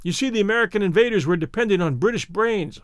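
A man's voice: high-pitched, expressive, fast talker, no echo, studio quality. A man voicing a jovial, boisterous Irish fighter who teases his foes, read aloud as part of a story. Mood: jovial, teasing. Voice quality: boisterous, mocking.

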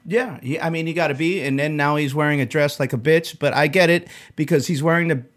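A man co-hosting a comedy podcast, talking in a profane, excitable way and laughing often. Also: a little high, quick pace. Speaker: podcast co-host. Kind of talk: loose comedic podcast banter.

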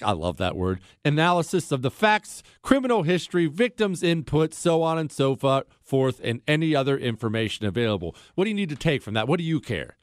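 A male talk radio host delivers his monologue with a lively voice that jumps up and down in pitch. He drops sarcastic asides as he tells a story. The sound is dry and close, with no room echo.

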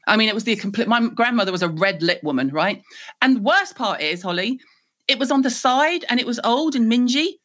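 A middle-aged woman from Liverpool with a Scouse accent, a guest telling lively stories in a podcast interview. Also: lowish voice. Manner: lively, animated storyteller.

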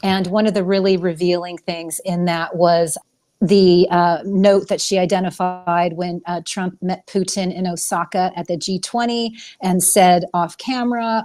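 A woman co-hosts a political talk show. Her voice sits a little low, and she comments with earnest conviction and firm emphasis. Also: steady tone, measured pace, darkish tone. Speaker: co-host.

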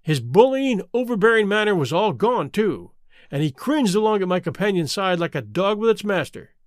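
A man narrating a classic detective story in a measured, expressive reading. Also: high voice, no echo, studio quality. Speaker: audiobook reader.

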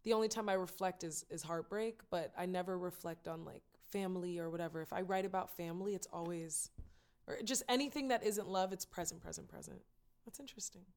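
A woman's voice: lowish voice, brisk, darkish tone. A woman talking candidly and emotionally in a casual conversation, laughing and tearing up easily as she opens up.

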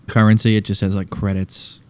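A man's voice: lowish voice, a little fast, smooth. Man with dry ironic humor. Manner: dry ironic jokes, relaxed. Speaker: podcast co-host. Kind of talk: casual chat.

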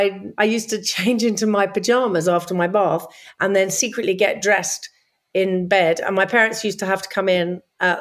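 A middle-aged woman chatting in an interview, an animated storyteller who acts out quoted voices in a high sing-song. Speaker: guest. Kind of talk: casual interview chat.

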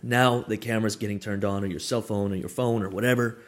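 Male host, lowish voice, casual recaps, some stumbling restarts. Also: steady tone, quick pace. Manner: recaps guest's points, hesitant restarts. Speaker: podcast host. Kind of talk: casual interview chat.

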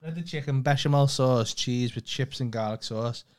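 A man's voice: mid-range voice, moderate pace. A young man from North East England co-hosting a podcast, chatting casually and swearing a lot. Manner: sweary, animated storytelling. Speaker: podcast co-host. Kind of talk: casual banter.

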